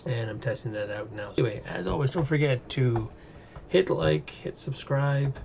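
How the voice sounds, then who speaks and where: A man's voice: mid-range voice, normal speed, gravelly, darkish tone, lo-fi sound, slight background noise. A man in a casual solo video review, talking in a chatty, rambling way with lots of fillers and asides, recorded on a webcam microphone at home.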